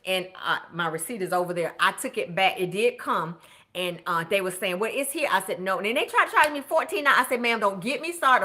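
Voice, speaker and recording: Bright animated woman budget coach. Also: mid-range voice. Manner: animated, exclaims and shouts to viewers. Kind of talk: casual live-stream chat.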